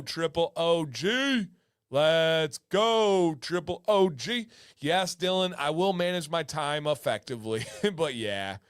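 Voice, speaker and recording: A man hosts a giveaway livestream in a playful, sing-song way, hyping viewers and calling out names from the chat. His voice sits high and comes through smooth and clear. The sound is dry and close, with no room echo. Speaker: livestream host.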